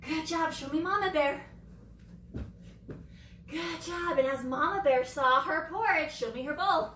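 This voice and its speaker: A young woman teaching preschool yoga through a story, expressive and sing-song, with gasps and whispers, recorded roomy and from far off. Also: sits high, measured pace, slight background noise. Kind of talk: storytelling yoga lesson for children.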